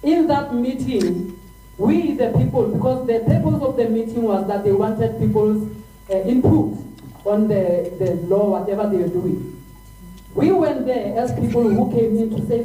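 A South African woman speaks with fervor at a crowded press briefing, circling back over her words as she presses her point. Her voice is dark and mellow. It carries through an echoey, hot room from some distance off the mic, with a faint hum underneath. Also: a little high, a little slow. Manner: emphatic, repeats and restarts when worked up. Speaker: press conference speaker for civil organizations.

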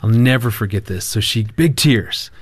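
A middle-aged man, a marriage counselor guest, telling a family story in casual talk, animated with halting restarts. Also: mid-range voice.

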